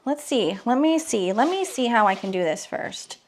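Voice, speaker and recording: A woman talking casually to her viewers in a vlog, excitable and gushing, with nervous exclamations. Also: fairly high pitch, normal speed. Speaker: vlogger. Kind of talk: casual unboxing vlog talk.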